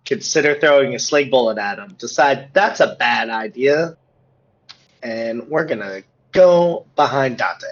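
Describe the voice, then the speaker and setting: Husky-voiced man teasing at the game. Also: mid-range voice, animated, measured pace. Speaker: player. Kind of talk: casual tabletop play over a call. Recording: muffled online call audio.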